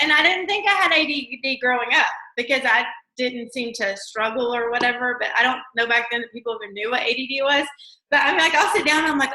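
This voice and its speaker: A woman hosting a casual live video chat, bubbly and rambling with quick laughs. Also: on the high side, bright, forceful tone, echoey room. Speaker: host.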